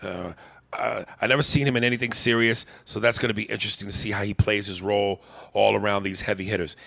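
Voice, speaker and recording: A man co-hosting a comedy podcast, talking in a profane, mocking, animated way on a close mic. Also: fairly low pitch, fast talker, creaky, no room sound. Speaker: podcast co-host. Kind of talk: casual comedic chat.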